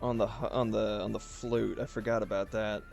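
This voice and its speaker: A man's voice: fairly low pitch, level tone, normal speed, gravelly, a little mellow, faint music behind. A man streaming as an artist, chatting casually and rambling while he draws, swearing freely. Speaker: art streamer. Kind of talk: casual livestream chat while drawing.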